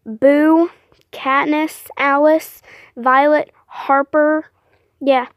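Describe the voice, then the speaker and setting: A young woman vlogging casually, rambling and apologizing a lot between lots of fillers, with excitable bursts. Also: sits high, drawn-out words, dry recording, clean studio sound.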